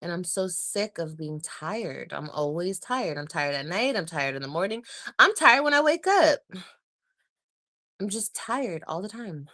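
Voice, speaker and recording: A tired woman in her thirties chats to her livestream viewers, sighing often and dragging her words out slowly. The recording is close and dry, with no room sound. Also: lowish voice, big pitch swings, bright, forceful tone, no room sound. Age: 30s. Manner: weary, sighing, drawn-out talk. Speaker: livestreaming vlogger. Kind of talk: casual livestream chat.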